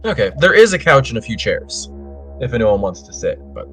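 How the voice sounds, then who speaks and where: A man running a tabletop role-playing game as game master, narrating scenes in a measured, descriptive way. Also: medium pitch, big pitch swings, fairly bright tone, faint music behind.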